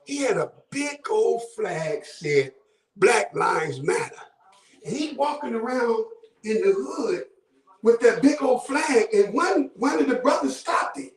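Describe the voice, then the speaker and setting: A man's voice: very high-pitched, animated, measured pace, reverberant, distant mic. A man from Buffalo, New York, calling in to a talk show with fervent, preacher-like commentary, often raising his voice. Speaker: caller. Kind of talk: impassioned call-in commentary.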